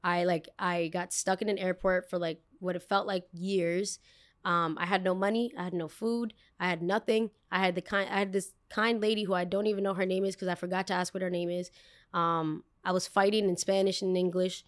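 A woman hosting a podcast, telling a story in a rambling, expressive way and swearing casually. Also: lowish voice, a little fast. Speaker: podcast host.

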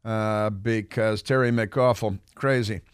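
A man's voice: fairly low pitch, steady tone, takes it slowly, clean tone, no room sound, studio quality. A man hosting a talk radio show, commenting in a sarcastic, mocking way with frequent restarts.

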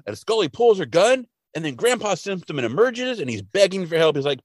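A man's voice: high voice, brisk, hardly any pauses, no echo. A man co-hosting a podcast, retelling an episode casually and acting out the quotes. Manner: animated storytelling, acting out quotes. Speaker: podcast co-host.

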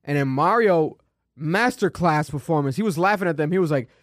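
A man co-hosting a casual show, swearing freely and mocking performances in animated commentary. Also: on the high side, fairly quick, dry recording, studio quality. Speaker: co-host.

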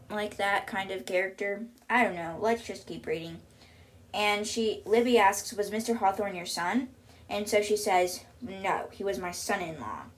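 A woman hosting a book podcast, casually retelling a novel with filler words and reading its passages aloud in her own voice. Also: mid-range voice.

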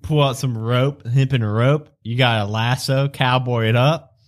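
A man's voice: medium pitch, steady tone, unhurried. A man running a tabletop game as game master, swearing freely and breaking into laughter. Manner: profane, laughing often.

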